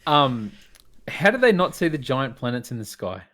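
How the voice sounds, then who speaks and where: A man's voice: mid-range voice, moderate pace. Laid-back male film reviewer. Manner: laughing, animated storytelling with quoted asides. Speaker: podcast co-host, film reviewer. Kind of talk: casual chat.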